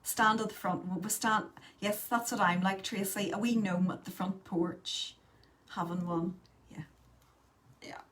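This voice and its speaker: A woman talks her way through a makeup tutorial in a relaxed, chatty voice at a middle pitch. She keeps up easy conversation with her viewers while she works. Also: unhurried. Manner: chatty, reads out and answers live viewer comments. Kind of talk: casual live makeup tutorial chat.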